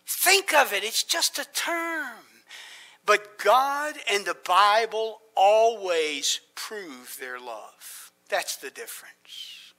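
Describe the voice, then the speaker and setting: A man preaching a sermon, with dramatic swings from emphatic lines to hushed whispers and slow, deliberate emphasis on key words. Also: very high voice.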